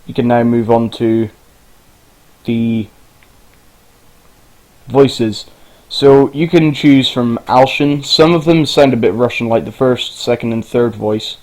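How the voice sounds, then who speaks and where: A man's voice: mid-range voice, takes it slowly, long pauses, a little mellow, poor audio. Casual young man walking through a game editor. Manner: rambling, informal, swears casually. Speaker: game tutorial maker. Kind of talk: casual screen-recorded game tutorial.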